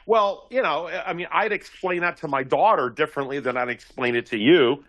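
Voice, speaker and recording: A man speaking as a guest commentator on a talk show, animated and thinking aloud, often repeating words. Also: a little high, normal speed, no echo. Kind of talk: casual political talk show chat.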